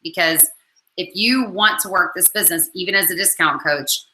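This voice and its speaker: A woman's voice: fairly low pitch, normal speed, bright, forceful tone, echoey room, low-quality recording. A woman network marketing coach talking casually to her followers, full of "um" and "like", with the hiccups. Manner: chatty, many fillers like "um" and "like". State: has the hiccups. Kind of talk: casual video talk to followers.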